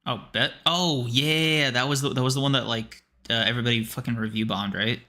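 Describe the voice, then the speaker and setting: A young man co-hosting a casual podcast, animated and slangy, laughing often. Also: mid-range voice, brisk. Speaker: podcast co-host. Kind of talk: casual chat.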